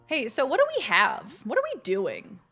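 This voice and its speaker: A young woman streams a game and talks with her chat in a loose, casual way. Her voice sits a little high for a woman, and it turns bubbly and gushing when she greets viewers. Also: wildly swooping pitch, normal speed, sharp tone, breathy edge, faint music behind.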